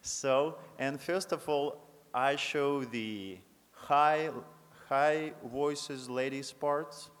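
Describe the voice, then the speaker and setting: A man, a choir director teaching a congregation to sing, speaking in halting, friendly, broken English. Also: medium pitch. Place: large chapel. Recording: long hall reverb.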